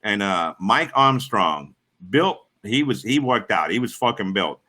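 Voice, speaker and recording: A man's voice: on the low side, very animated, measured pace, pushed and bright, husky. A middle-aged man hosting a livestream, telling rambling, profane stories in casual chat and greeting viewers. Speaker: livestream host.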